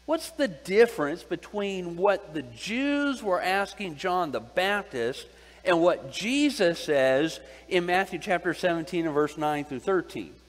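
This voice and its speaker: A man with a high voice preaches a Bible lesson at a slow, deliberate pace. He poses questions to his listeners and repeats the key phrases. His voice rings with the long reverb of a large hall. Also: lively intonation. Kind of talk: Bible teaching sermon.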